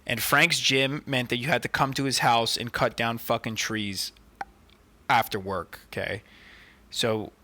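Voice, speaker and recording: Speaking unhurriedly in a steady, medium-pitched voice that sounds pushed and bright, this podcast co-host spins casual stories. He curses frequently and leans heavily on fillers like "like" and "dude."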